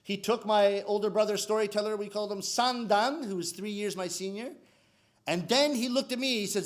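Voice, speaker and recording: Animated, high-voiced comic storyteller man. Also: fairly quick. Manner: animated and theatrical, addresses the audience. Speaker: rakugo storyteller. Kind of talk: live comic storytelling performance.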